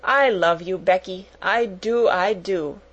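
A woman voicing a warm-hearted, imaginative young schoolgirl who speaks in earnest, heartfelt exclamations in an audiobook. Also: mid-range voice, slow, husky, muffled recording. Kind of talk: audiobook character voice.

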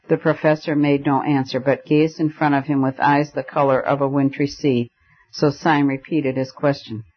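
A man with a mid-range voice narrates an audiobook, delivering scripted narration in a measured, even storytelling style. The recording is dull and lo-fi.

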